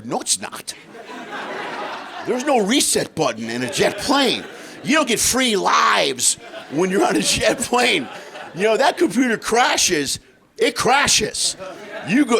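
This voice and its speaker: A man doing a high-energy stand-up comedy set on stage, acting out voices and shouting punchlines. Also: sing-song, a little slow, vocal fry. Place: comedy stage before a laughing audience.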